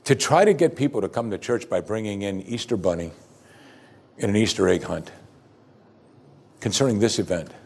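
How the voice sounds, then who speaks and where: Male pastor, sermon, earnest, emphatic, repeats key lines, fairly low voice. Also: lively intonation, normal speed, creaky, long pauses, a little mellow, slightly rough. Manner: conversational asides while reading scripture.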